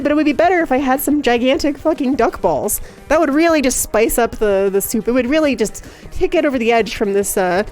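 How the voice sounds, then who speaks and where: Woman streamer, high voice, giggly, chaotic rambling, excitable, faint music behind. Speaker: livestreamer. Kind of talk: casual live-stream chat.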